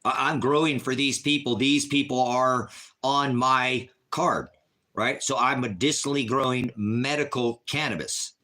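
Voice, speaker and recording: A man hosting a casual livestream, arguing his point with emphatic repetition. His voice is bright and forward, and he sits at an ordinary middle pitch for a man. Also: unhurried. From Oregon, USA. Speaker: livestream host.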